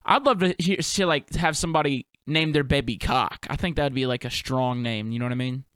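A man's voice: mid-range voice, brisk, a bit bright, clear, resonant tone, no room sound, clean studio sound. A young man hosting a solo podcast, musing in a loose, profane, laid-back way full of slang and fillers. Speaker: podcast host and touring performer. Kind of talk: rambling solo podcast monologue.

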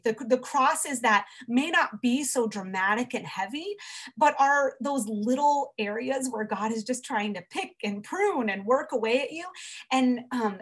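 Earnest higher-voiced woman guest. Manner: earnest, warm storytelling with frequent restarts. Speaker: guest, children's author. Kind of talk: casual faith conversation.

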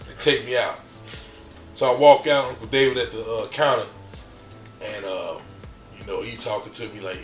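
Animated man telling a story, echoey room. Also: mid-range voice, normal speed. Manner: animated, laughs often, acts out quotes, says "man" a lot. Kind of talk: casual storytelling. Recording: echoey room with faint music.

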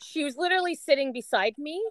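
Playful high-voiced woman co-host. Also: animated, fast, fairly bright tone, no room sound. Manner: playful, jokey, acts out her own inner voice. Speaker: podcast co-host. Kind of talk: casual podcast chat.

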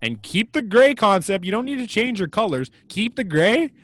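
A man co-hosting a casual sports podcast, blunt and exasperated as he rants. His voice sits a bit high for a man and swings widely in pitch. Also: sing-song, normal speed, a bit bright. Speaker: podcast co-host.

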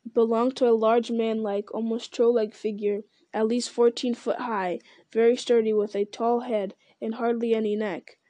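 A woman reading a novel aloud in a steady, unhurried storytelling manner. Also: on the high side, no room sound. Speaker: reader.

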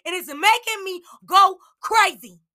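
A young woman hosting a podcast, ranting in anger, yelling and swearing. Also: very high-pitched, unhurried. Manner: yelling, heated, profane. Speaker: podcast host. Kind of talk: angry personal rant.

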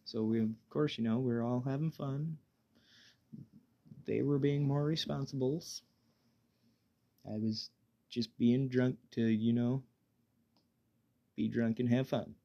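A man hosting a casual solo podcast while high, rambling in a laid-back way, swearing freely and stammering through restarts. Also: fairly even intonation, slow, pauses often, muffled recording. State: high on weed. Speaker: podcast host.

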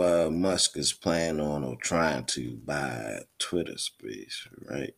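A man's voice: extremely low pitch, creaky, breathy edge. A man hosting a podcast in a casual, rambling way, often repeating his words. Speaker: podcast host.

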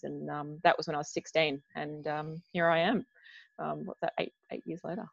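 A woman's voice: sits low, flat delivery, normal speed, gravelly, no echo, highs cut off. A woman in her twenties with an Australian accent, chatting casually as a guest, self-deprecating and laughing often. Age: 20s. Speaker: guest athlete. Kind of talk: casual interview chat.

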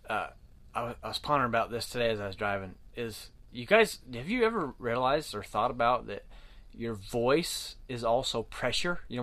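A man's voice: medium pitch, fairly bright tone. A man who runs mule riding clinics, talking casually to viewers in a rambling, folksy way with many fillers and restarts. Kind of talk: casual livestream talk to viewers.

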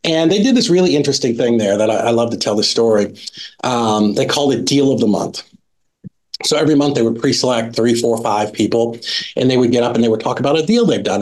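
A middle-aged man recounting a personal story as a podcast guest. He talks casually and animatedly, leaning on "like" and "right?" as he goes. His voice sits at an ordinary middle pitch. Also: quick pace. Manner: lively anecdotal telling with frequent "like" and "right?".

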